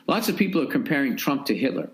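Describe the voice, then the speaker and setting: A man's voice: mid-range voice, sing-song, quick pace, husky. A man hosting a podcast, ranting in an exasperated, profane monologue while jet lagged. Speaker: podcast host.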